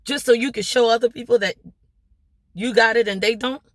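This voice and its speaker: A small business owner and vlogger from Maryland, with a local accent, gives viewers an impassioned motivational talk. Her voice is a little high, steady, and brisk, with no room sound. She's preachy and emphatic, repeatedly asking rhetorical questions capped with "right?"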